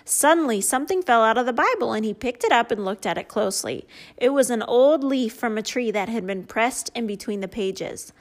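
A woman's voice: fairly high pitch, lively intonation, brisk. A woman hosting a casual chat and reading out funny stories, often breaking into laughter at them. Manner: giggly, often laughs at what she reads. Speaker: host; parent.

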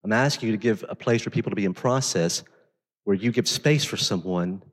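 Deep-voiced pastor preaching in a reverberant hall. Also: male voice, fairly quick. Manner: conversational, swings from intense emphasis to quiet storytelling. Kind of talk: sermon.

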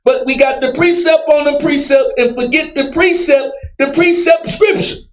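A man leading call-and-response Bible teaching, emphatic and repetitive, often shouting and ordering a reader to read. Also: very high voice, moderate pace, reverberant, recorded from a distance, poor audio. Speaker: street preacher teaching scripture.

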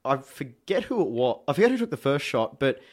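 An Australian man telling a football match story in a casual chat, animated and acting out shouts. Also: medium pitch, brisk.

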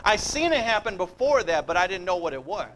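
A man's voice: sits high, sing-song, a little fast, a bit bright, a little hiss or hum, poor audio. A middle-aged man preaching a sermon in a conversational, storytelling way, acting out bits of dialogue.

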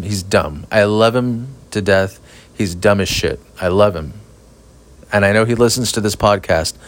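A man hosting a casual solo podcast, ranting in a flat, monotone way, swearing often and rambling. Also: on the low side. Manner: profane, rambling, self-aware. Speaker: podcast host. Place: outdoors at night near an apartment complex. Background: sprinklers.

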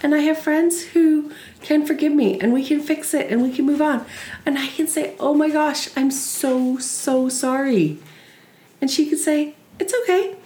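A middle-aged woman coaches her listeners in a warm, earnest solo talk, acting out the doubting voices in her head. Her voice sits a little high. The room around her rings with a clear echo. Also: steady tone, moderate pace. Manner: earnest, encouraging, acts out inner voices. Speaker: life coach. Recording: echoey room.

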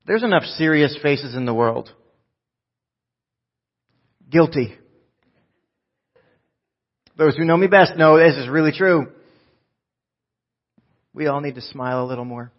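A man preaching a live sermon to a church congregation, joking and swinging from loud bursts to soft, low asides. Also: unhurried, pauses often, muffled recording. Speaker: pastor.

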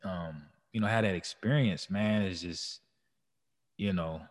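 A man's voice: deep voice, a little slow, in a large hall. A man co-hosting a casual podcast, rambling with lots of "you know" fillers. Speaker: podcast co-host.

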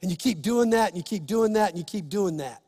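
High-voiced preaching man. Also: animated, fairly quick, big-room sound. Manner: impassioned, builds to shouting. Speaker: pastor. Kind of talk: sermon.

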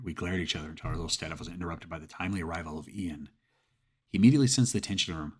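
A man reads a creepy first-person horror story in a steady, storytelling manner. His voice is very deep and sits low. It has a husky, slightly rough grain. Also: racing. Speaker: narrator. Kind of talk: scripted horror story narration.

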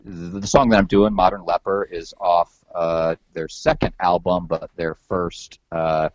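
Very deep-voiced rambling podcast host man. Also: little pitch movement, a little slow, no echo, lo-fi sound. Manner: rambling, loose and profane, heavy on "like" and repeated words. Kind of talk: casual chat.

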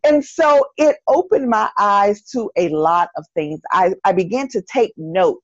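A woman's voice: mid-range voice, expressive, unhurried, dry recording. Earnest North Carolina woman, dull dry audio. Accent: Southern US, North Carolina. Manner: earnest, emphatic, repeats phrases for stress. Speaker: podcast guest, educator. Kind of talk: casual interview conversation.

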